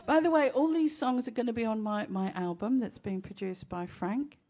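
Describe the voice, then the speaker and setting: A woman's voice: fairly high pitch, normal speed. A woman, a singer-songwriter chatting wryly with a festival crowd between songs in a live music set. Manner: wry, self-deprecating storytelling between songs. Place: outdoor festival stage. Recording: loud live music behind the voice.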